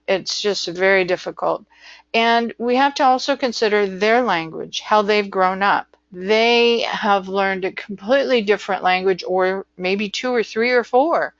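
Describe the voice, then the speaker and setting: A woman's voice: mid-range voice, fairly bright tone, no room sound. Chatty woman lecturing, dull dry sound. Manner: chatty, digressive, acts out quoted voices. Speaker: medical transcription instructor. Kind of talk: informal lecture.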